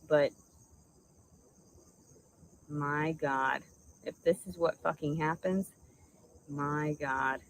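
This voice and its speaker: Woman, low voice, furious rant, swearing, rambling, insulting. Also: slight background noise, low-quality recording. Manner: furious, insulting, stream-of-consciousness. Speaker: vlogger. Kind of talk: angry profane rant to camera.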